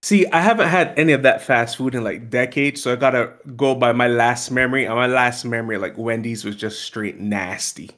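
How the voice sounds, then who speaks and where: A man's voice: medium pitch, brisk, hardly any pauses, fairly bright tone. A man joining a livestream chat, joking and giving blunt opinions. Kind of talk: casual banter.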